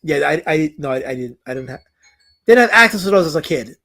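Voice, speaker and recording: A man's voice: a little high, animated, fairly quick, sharp tone. A man streaming live as a comic creator, reading out chat comments in a rambling way that is full of stuttered repeats.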